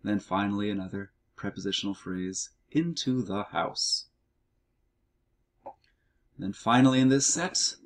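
A middle-aged man explaining grammar in a recorded language lesson walkthrough, reading words out slowly and methodically. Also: on the low side. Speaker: Greek teacher.

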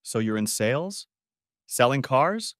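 A man's voice: mid-range voice, sing-song, unhurried, a bit bright, dry recording, clean studio sound. Man playing an anxious, stammering young man, polite, storybook reading. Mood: nervous. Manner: stammering, apologetic. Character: awkward young man, nervous and polite, stammers when put on the spot.

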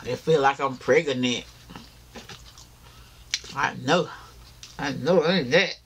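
A man's voice: mid-range voice, takes it slowly, fairly bright tone, a little hiss or hum. A tired man, chatting casually to viewers while eating in a mukbang vlog. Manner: chatty, talks straight to viewers as y'all, chewing between lines. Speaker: mukbang vlogger.

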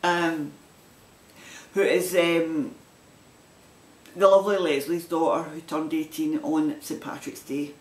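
A man's voice: a little high, steady tone, takes it slowly, long pauses. A man with a broad Glaswegian accent who hosts a knitting podcast, rambling chattily and restarting his sentences in a casual vlog. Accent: Glaswegian Scottish. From Scotland. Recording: roomy echo.

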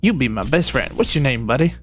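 A man's voice: medium pitch, lively intonation, a little fast, a little hiss or hum. A man giving playful, rambling gameplay commentary, tossing jokey mock-sinister asides at game characters. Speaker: gaming video creator.

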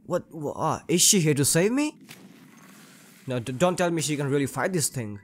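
A young man commentating his gameplay in a joking, excitable way, swearing often. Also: a little high, normal speed, a little hiss or hum. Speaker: gaming channel host.

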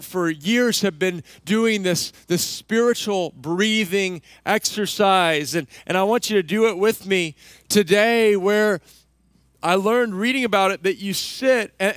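A man pastor preaching a sermon in a conversational, self-deprecating way, going soft and slow when he leads prayer. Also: high-pitched, no room sound.

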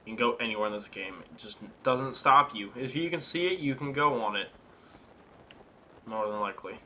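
A man's voice: mid-range voice, normal speed, pushed and bright, slight background noise. A young man giving casual let's-play commentary as a gaming YouTuber, swearing and ranting in exasperation at the game.

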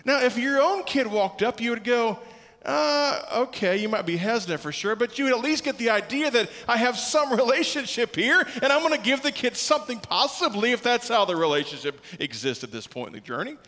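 High-pitched preacher guy, punchy and emphatic, lots of questions to the crowd, echoey church hall. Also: lively intonation, fairly quick, hardly any pauses, bright, forceful tone. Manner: emphatic, repeats key words, asks the congregation questions. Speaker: pastor. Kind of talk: sermon. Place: church sanctuary.

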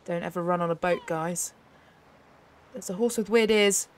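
A young woman host chatting excitedly as she plays a game, often laughing. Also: lowish voice, moderate pace. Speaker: gaming channel host. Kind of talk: casual gameplay commentary.

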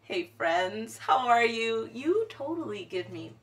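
Soft-spoken woman leading a kids' sing-along. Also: fairly high pitch, sing-song, takes it slowly, background noise. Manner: soft, encouraging, often drops to a whisper. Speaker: children's musician and bandleader. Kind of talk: gentle sing-along talk to children. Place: at home.

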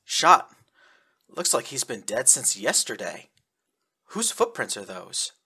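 An earnest young space adventurer, urgent and direct, as a male narrator reads him. The voice is bright and a bit husky, and the pitch moves a lot. It is an audiobook voice. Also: big pitch swings, takes it slowly, heavily acted.

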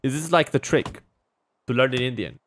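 Excitable man mumbling through gameplay. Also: mid-range voice, normal speed, slight background noise. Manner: excitable, talks to himself, jumps from loud outbursts to mumbling. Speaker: gaming YouTuber. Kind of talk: casual gameplay commentary.

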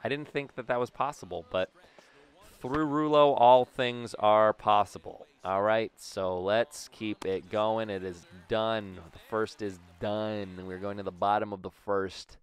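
A young man casually commentating his own baseball video game, joking around and breaking into loud cheers and yells. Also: on the low side, a little slow, hardly any pauses, clean tone. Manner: excitable, jokey, bursts into loud cheers and yells. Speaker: gaming YouTuber.

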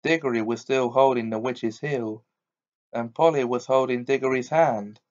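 A man reading a children's novel aloud as audiobook narration in a measured, deliberate way. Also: medium pitch, a little mellow. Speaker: audiobook reader. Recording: dull lo-fi recording.

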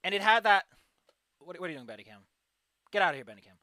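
A woman streamer giving a casual, frustrated, ranting critique of a game, with animated outbursts. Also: fairly low pitch, fast, dry recording, studio quality. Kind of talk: casual livestream commentary.

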